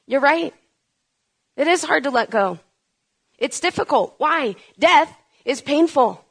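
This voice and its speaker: A woman's voice: high voice, animated, moderate pace, a bit bright. A woman preaching a sermon, asking rhetorical questions and building to urgent, emphatic peaks.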